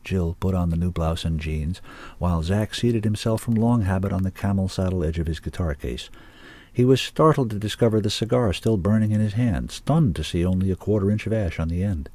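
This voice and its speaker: A man narrating an audiobook in a measured, deliberate way. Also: low-pitched, darkish tone.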